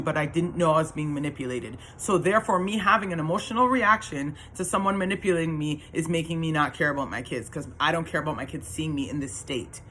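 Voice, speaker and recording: A woman's voice: deep voice, bright, forceful tone, a little hiss or hum. A woman telling her own story in a casual, earnest monologue that rambles, with many restarts and fillers.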